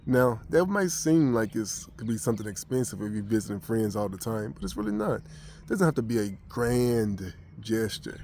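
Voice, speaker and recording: A man's voice: fairly low pitch, very animated, moderate pace, creaky, darkish tone, slight background noise. An American man vlogging, telling a personal story casually with many restarts and fillers. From United States.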